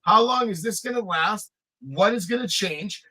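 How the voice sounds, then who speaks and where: A man hosting a wrestling podcast, recapping results in an energetic, casual way. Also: sits high, moderate pace, husky, poor audio.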